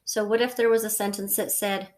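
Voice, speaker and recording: A woman's voice: medium pitch, steady tone, brisk. A woman teacher giving a recorded lesson to her class, patient and repetitive, checking in often with the listener. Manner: patient, repeats points, frequent okay and so.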